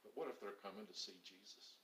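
In a church sanctuary with roomy echo, a middle-aged male pastor preaches earnestly, telling stories and hitting his points with emphasis. His voice is fairly low and a bit bright, and he speaks quickly.

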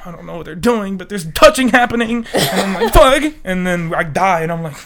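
A young man chats loosely into a desk mic as a podcast co-host, cursing freely and laughing between thoughts. His voice sits a little high and rings bright and forward. He sounds a bit under the weather. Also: animated, a little fast. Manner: profane, joking, laughs often. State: sick. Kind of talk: casual chat.

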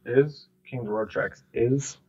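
A man, co-hosting a sports podcast in casual chat, animated and mimicking people in quick bursts. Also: medium pitch, vocal fry. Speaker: podcast co-host. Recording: slightly dull lo-fi sound.

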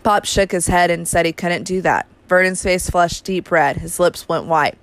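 Woman narrator, audiobook, low voice, smooth and clear, dry close mic. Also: normal speed, hardly any pauses, no room sound. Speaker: audiobook reader. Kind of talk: first-person novel narration.

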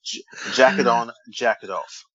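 A man's voice: medium pitch, a little slow, sharp tone, no room sound, muffled recording. A man co-hosting a wrestling podcast in casual chat, joking and teasing, often stumbling over names. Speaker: podcast co-host.

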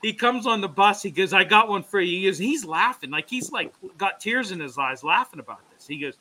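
Rambling, bright-voiced male hockey co-host. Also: high-pitched, lively intonation, a little fast. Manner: rambling storyteller, many "you know" fillers. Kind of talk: casual sports chat.

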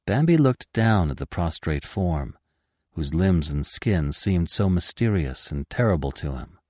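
A man narrating a classic novel in a measured, expressive storytelling voice. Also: low-pitched, no room sound, clean studio sound.

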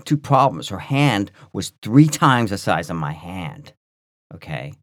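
A man co-hosting a podcast, telling a story in a rambling, animated way full of restarts and fillers. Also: low-pitched, unhurried, no echo, clean studio sound. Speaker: podcast co-host. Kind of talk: casual storytelling chat.

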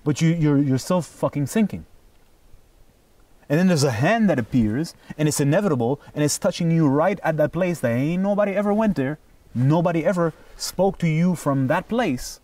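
A man speaking as an interview guest, telling stories in an animated, emphatic way and swearing freely. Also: fairly high pitch, moderate pace, dry recording, recorded from a distance. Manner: animated, profane, emphatic storyteller. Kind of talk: casual conversation.

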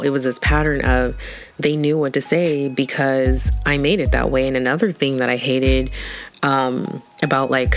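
Woman, candid personal vlog, frank and casual with easy laughs and swearing; faint background music. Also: extremely low pitch. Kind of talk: candid personal talk to camera.

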